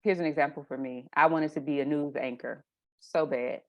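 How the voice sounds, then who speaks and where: Low-voiced woman telling stories. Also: moderate pace, highs cut off. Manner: animated storyteller, acts out her own reactions. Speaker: guest. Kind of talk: casual conversation.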